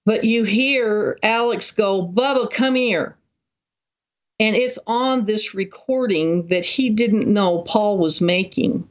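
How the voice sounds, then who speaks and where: Guest speaker, mid-pitched voice, animated detailed storyteller, interview setting. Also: slow, hardly any pauses, highs cut off.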